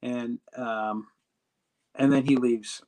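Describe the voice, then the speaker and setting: Casual male storyteller, middle pitch. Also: slow pace, rough recording. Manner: animated retelling that acts out quoted dialogue. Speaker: storyteller recounting a personal trip.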